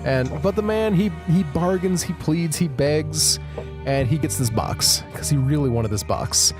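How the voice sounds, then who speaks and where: Wry, animated man telling a story. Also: on the high side, a little slow, over music. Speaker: podcast host. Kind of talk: casual storytelling.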